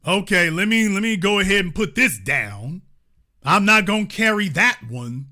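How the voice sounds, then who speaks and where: A man hosting a commentary show, delivering an animated monologue in a blunt, emphatic, repetitive way. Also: sits high, normal speed.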